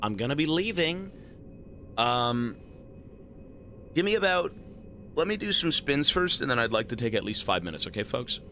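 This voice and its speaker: Very bright, lively male streamer. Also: mid-range voice, moderate pace, pauses often, a little hiss or hum. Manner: animated, profane, joking banter with chat. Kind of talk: live stream chat, thanking donors.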